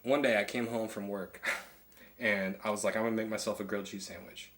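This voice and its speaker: A man's voice: on the low side, steady tone, fairly quick, fairly bright tone. A young man telling rambling stories in a casual chat over drinks, recorded in a home attic studio. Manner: rambling storyteller, lots of "like". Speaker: guest.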